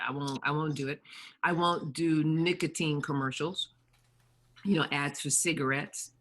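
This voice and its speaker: A woman voice actor chatting as an interview guest, animated, who slips into character voices as she talks. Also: sits low, normal speed. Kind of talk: interview chat.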